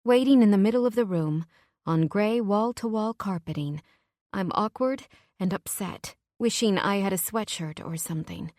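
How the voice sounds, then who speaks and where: A woman's voice: medium pitch, moderate pace, a little mellow, no echo, clean studio sound. A woman narrating a romance audiobook in the first person, telling it in an intimate, emotional way.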